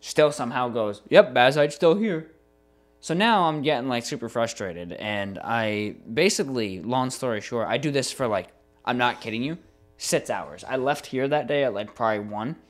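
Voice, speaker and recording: A young adult man co-hosting a podcast, telling a long frustrating story in a casual, animated way with plenty of swearing. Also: mid-range voice, moderate pace, faint music behind. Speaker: podcast co-host.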